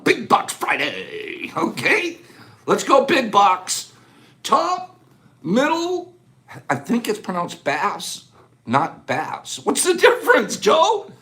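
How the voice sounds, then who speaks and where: Animated man rattling off lists. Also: high-pitched. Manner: rapid list-calling, animated and playful. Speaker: livestream host. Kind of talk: casual live chat with viewers.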